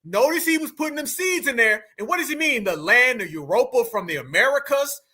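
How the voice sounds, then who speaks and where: A man's voice: very high-pitched, lively intonation, a little fast, bright, forceful tone, husky. A man hosting a reaction commentary, mocking the people in the clips and calling his viewers fam. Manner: mocking, calls viewers fam, mimics others. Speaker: commentary channel host.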